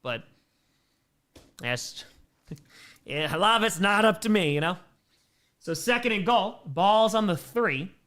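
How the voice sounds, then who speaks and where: A young man doing live play-by-play of a football game while chatting casually with viewers, shouting on big plays. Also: high-pitched, slow pace, pauses often. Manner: casual, answers viewer chat between plays, bursts of excitement on big plays. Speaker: livestream play-by-play commentator. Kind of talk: live play-by-play and chat reactions.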